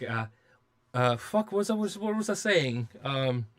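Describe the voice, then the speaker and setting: A man in a mid-pitched voice rambles through a casual studio livestream. He restarts his sentences often and swears freely. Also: sing-song, normal speed. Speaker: music producer and livestream host.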